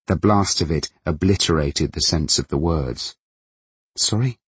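A man narrating a novel in a measured, even manner. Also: extremely low pitch, slightly rough, no room sound. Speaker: audiobook narrator.

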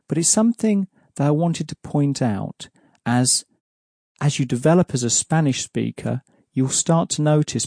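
Patient male language teacher, dark voice. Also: medium pitch, no echo, clean studio sound. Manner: patient, explanatory, asks prompting questions. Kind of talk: audio language lesson.

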